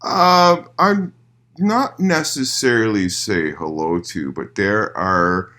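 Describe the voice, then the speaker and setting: A man's voice: sits low, slow. A man guest in a casual interview, telling a long story with lots of swearing, restarts and laughter, recorded in a living room. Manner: profane, animated storyteller with many restarts. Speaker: musician guest.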